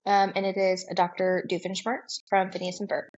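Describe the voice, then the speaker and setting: A woman's voice: medium pitch, completely flat delivery, fairly quick, darkish tone, highs cut off. A young woman co-hosting a casual podcast chat, joking, crude and laughing often. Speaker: podcast co-host.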